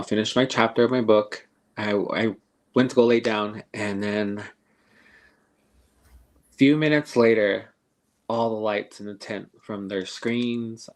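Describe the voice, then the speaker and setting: An older man with a low, gravelly voice recounting a scary night in a loose, conversational way. He stops and restarts often, filling gaps with "um" and "like". The telling is unscripted and personal. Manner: halting, with many fillers and restarts. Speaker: podcast guest storyteller. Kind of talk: casual spoken ghost story.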